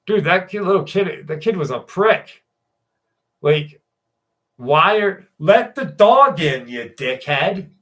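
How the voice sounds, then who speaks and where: A man's voice: high voice, big pitch swings, slow pace, fairly bright tone. A man hosting a live show, reading a viewer's story aloud and then chatting loosely with his live chat, joking and swearing freely. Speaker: show host.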